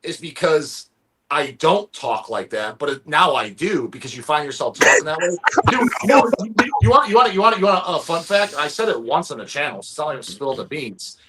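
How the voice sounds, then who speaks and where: A man's voice: a little high, big pitch swings, fairly quick, background noise. A man hosting a casual live-stream chat, rambling and profane, often stumbling over restarts. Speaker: stream host.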